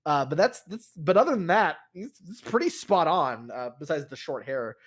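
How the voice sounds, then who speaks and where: A man's voice: fairly high pitch, animated, moderate pace. A man narrating a tabletop role-playing game as game master, rambling with many fillers and restarts.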